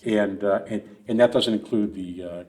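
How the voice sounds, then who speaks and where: A man's voice: lowish voice, normal speed, a little mellow, soft background music. A middle-aged man, a guest on a running podcast, telling long rambling stories with many restarts and asides. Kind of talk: casual storytelling interview.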